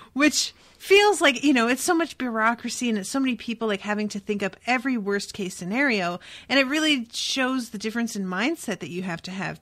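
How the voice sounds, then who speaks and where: A woman's voice: fairly high pitch, a bit bright. A woman co-hosting a podcast in casual book chat, candid and profane, acting out quotes with laughter. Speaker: podcast co-host.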